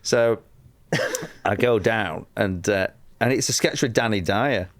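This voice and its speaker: A man from northwest England with a northwest English accent, a comedian guest telling stories on a podcast, animated and swearing, laughing through his stories. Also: lowish voice, measured pace, no room sound, studio quality. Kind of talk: anecdotal podcast storytelling.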